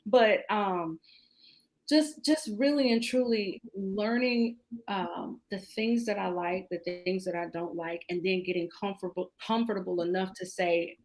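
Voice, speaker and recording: A woman's voice: mid-range voice, measured pace, darkish tone, rough recording. Candid woman in her forties, laughing often. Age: 40s. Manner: candid, laughs often, repeats "really and truly". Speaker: guest. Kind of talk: casual interview chat.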